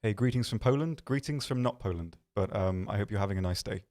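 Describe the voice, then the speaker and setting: A man hosting a game livestream from an office, answering viewer questions in a rambling, self-deprecating way with many pauses and restarts. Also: on the low side, darkish tone. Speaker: stream host. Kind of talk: casual livestream chat reading viewer questions.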